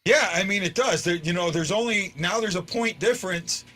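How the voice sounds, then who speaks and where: A man with a very bright voice, pitched a little above the typical male range, hosts a casual post-game chat for fans at a moderate pace. Working things out aloud, he often stumbles and restarts his words, swinging from stunned disbelief to excitement.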